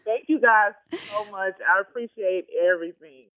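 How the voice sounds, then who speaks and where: A man's voice: sits high, normal speed. A young man, a college student, chatting casually as a guest and filling his talk with "like" and restarts. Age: young adult. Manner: chatty, lots of fillers. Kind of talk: casual interview over the phone. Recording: tinny phone line.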